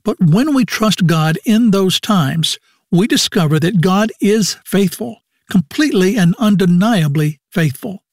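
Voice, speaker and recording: A man reading a scripted program announcement in a measured way. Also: high-pitched, expressive, dry recording, clean studio sound.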